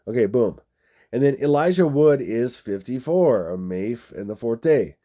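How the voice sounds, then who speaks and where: Man with a dark voice, rambling. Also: mid-range voice, animated, normal speed. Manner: meandering, repetitive, with frequent restarts. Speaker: video host. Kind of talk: rambling number-code commentary over movie clips.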